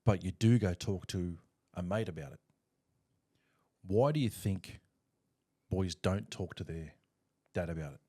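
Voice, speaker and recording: A man's voice: sits low, measured pace, warm tone. A middle-aged man, hosting a podcast with his sons and probing them with long, searching questions. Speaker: podcast host and father. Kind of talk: casual family podcast chat.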